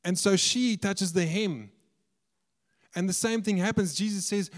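Earnest preacher in a reverberant hall. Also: male voice, sits high, normal speed. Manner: earnest, stumbles and repeats words when explaining. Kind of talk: sermon.

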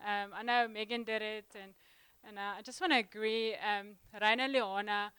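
A young woman giving a sermon in a church, chatty and halting, full of ums and restarts. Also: medium pitch, steady tone, bright, forceful tone, smooth, no echo. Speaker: guest preacher. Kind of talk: sermon opening, casual warm address.

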